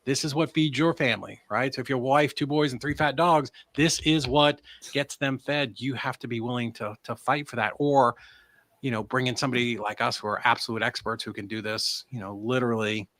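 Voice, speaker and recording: A man, a business owner, pitching his service in a casual, energetic live webinar, often asking "right?" and letting a swear slip. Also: brisk. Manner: animated delivery, swears. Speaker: transaction coordination business owner.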